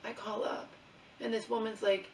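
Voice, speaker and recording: A woman's voice: a little high, level tone, moderate pace, gravelly, a little mellow, slight background noise. A middle-aged woman vlogger telling an angry personal story with lots of swearing, often asking "okay?" and "you know?". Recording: distant mic in an echoey room.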